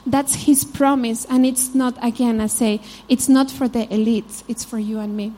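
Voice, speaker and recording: Spanish-accented woman giving a mellow sermon. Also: a little high, fairly even intonation, normal speed. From Spain. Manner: informal, frequent "you know", storytelling asides. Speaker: Bible teacher. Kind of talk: conversational sermon.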